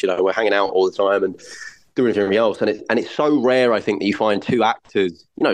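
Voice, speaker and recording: A man's voice: fairly low pitch, poor audio. A man, a soap actor guest, chatting enthusiastically in a casual interview, often repeating words as he talks.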